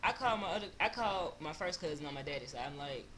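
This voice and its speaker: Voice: medium pitch, expressive, quick pace, noisy background. A young adult of about twenty from Louisiana, with a Louisiana accent, telling a loose, slangy storytime vlog. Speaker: vlogger.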